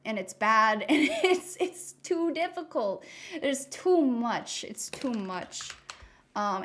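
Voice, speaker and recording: A young woman hosting a live art stream, chatting casually and reading chat aloud while she draws. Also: medium pitch.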